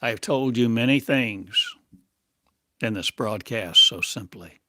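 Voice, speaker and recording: A man as a spiritual teacher, delivering a channeled monologue in slow, halting, cryptic phrases. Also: medium pitch, very noisy. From United States.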